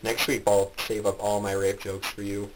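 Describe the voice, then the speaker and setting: Male podcast guest, low voice, giggles through rambling crude bits, noisy line. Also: completely flat delivery, normal speed. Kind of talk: casual comedy podcast chat.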